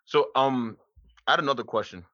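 A man co-hosting a podcast, trading animated, slangy jokes in casual chat. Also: medium pitch, brisk, no echo, muffled recording. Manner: animated, joking, slangy banter. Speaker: podcast co-host.

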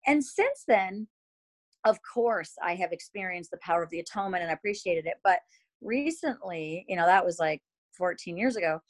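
A woman's voice: on the low side, rough recording. A woman in her thirties telling a personal faith story about motherhood in a candid, chatty way, full of fillers and emotional asides.

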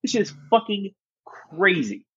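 A man's voice: high-pitched, sing-song, a little slow, fairly bright tone, husky, lo-fi sound. A man in casual podcast chat, ranting emphatically and swearing freely.

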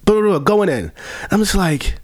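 A man's voice: sits high, animated, normal speed. A man who works as a bartender tells a profane story in casual chat, laughing along as he goes.

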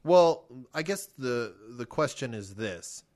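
A man in casual chat with a friend, talking in a deliberate, musing way. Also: mid-range voice, animated, a little mellow.

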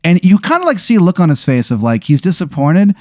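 A man spinning a silly improvised hypothetical, rambling and hedging with filler words. His pitch moves a lot and his tone is mellow. The sound is dry and close. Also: huge pitch swings, quick pace, no echo. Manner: rambling, full of "like" and "kinda". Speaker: host running an improvised hypothetical. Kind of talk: improvised comedic storytelling.

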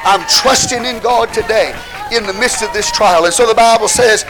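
A man preaching a sermon with fervor, rising at times to shouts and calling out hallelujah to the congregation. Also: high voice, moderate pace, vocal fry, low-quality recording. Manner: calls out hallelujah, asks the congregation questions.

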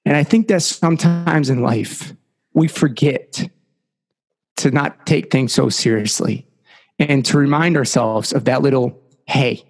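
A man's voice: medium pitch, unhurried, big-room sound. A man, a podcast guest, telling a story casually and animatedly, with lots of "like" and "you know.".

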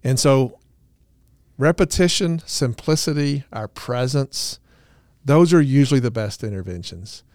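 Male podcast co-host, smooth clear voice, earnest explainer with dry humor, dry close recording. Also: medium pitch, animated, unhurried, a little mellow, dry recording. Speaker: podcast co-host, couples therapist. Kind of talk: casual podcast talk.

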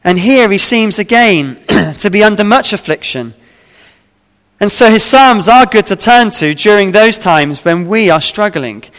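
A man's voice: high voice, a bit bright, clean tone, in a large hall. A man preaching a sermon, reading scripture aloud and then explaining it with frequent fillers and restarts. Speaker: pastor.

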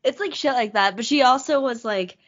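A woman's voice: sits high, brisk, a bit bright. A woman co-hosting a podcast in casual comedic chat, gossipy, retelling social media posts. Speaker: podcast co-host. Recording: dull lo-fi podcast audio.

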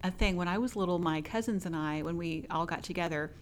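A woman's voice: lowish voice, fast talker, a little hiss or hum. A woman co-hosting a casual podcast chat, talking in a rambling way with lots of asides. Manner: chatty, rambling with fillers and asides. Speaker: podcast co-host.

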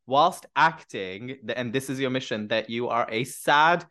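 A man hosting a casual podcast, running a game segment with teasing, bossy instructions. His voice sits at an ordinary middle pitch. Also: a little slow, sharp tone. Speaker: podcast host. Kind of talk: playful casual interview.

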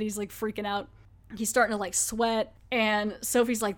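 Woman podcast host, casual chatty recap, lots of fillers, mid-pitched voice. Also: flat delivery, normal speed. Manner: chatty, filler-heavy, acts out quotes. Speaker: podcast host reviewing a TV episode.

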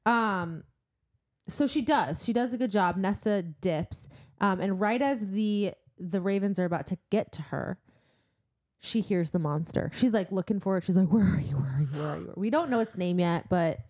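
A woman co-hosting a casual book-club podcast, recapping chapters with lively energy. She talks loosely and freely, swears now and then, and drops into quick voices for the characters. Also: medium pitch. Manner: animated retelling, swearing, putting on character voices. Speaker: podcast co-host.

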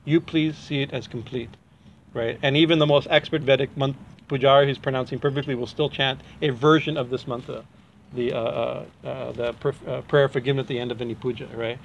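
A man's voice: medium pitch, steady tone, fairly quick, vocal fry, a little hiss or hum. A man teaching in a chatty devotional talk, often restarting his sentences and chuckling as he explains. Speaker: spiritual teacher.

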